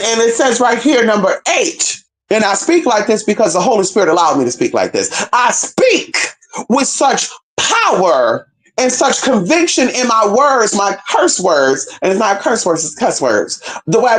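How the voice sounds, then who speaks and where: Brief: fiery profane preacher on a stream, wildly swinging pitch, shouted call-outs. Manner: call-and-response exclamations, heavy cursing, swoops between high cries and low asides; reads scripture slowly and drawn out. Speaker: spiritual teacher streaming a talk.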